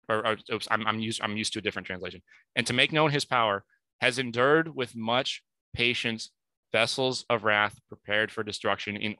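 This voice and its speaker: A man's voice: lowish voice, pushed and bright, no room sound. A young man talking through a Bible passage in a casual podcast, reading verses aloud and correcting himself as he thinks. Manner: reads scripture aloud with emphasis. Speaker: podcast speaker.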